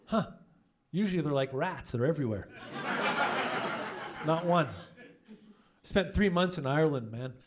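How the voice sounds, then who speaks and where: A young man works a comedy club crowd in a slightly high voice. He is brash and profane, shifting into animated storytelling. A faint hiss sits under the handheld-mic stage recording. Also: measured pace, long pauses. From Canada. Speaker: stand-up comedian. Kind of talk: stand-up comedy set.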